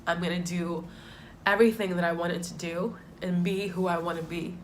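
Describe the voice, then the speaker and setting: Emotional young woman, lowish voice. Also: steady tone, normal speed, a little hiss or hum. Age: 20s. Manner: heartfelt and emotional, reflective. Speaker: vlogger. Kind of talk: personal storytime vlog.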